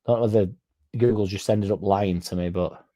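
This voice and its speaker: Low, mellow-voiced sweary man. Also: steady tone, moderate pace. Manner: sweary, rambling, self-mocking. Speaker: football fan channel host. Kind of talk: casual rambling chat.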